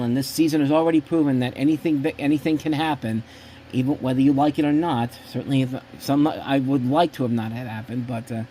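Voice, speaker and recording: A man's voice: mid-range voice, warm tone, a little hiss or hum. A man hosting a show, giving casual sports predictions in a blunt, opinionated and rambling way with frequent restarts. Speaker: host.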